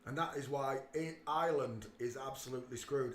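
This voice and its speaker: A man hosting a casual livestream, talking emphatically and swinging between quiet muttering and loud outbursts. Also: mid-range voice, lively intonation, brisk, few pauses, reverberant. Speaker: livestream host.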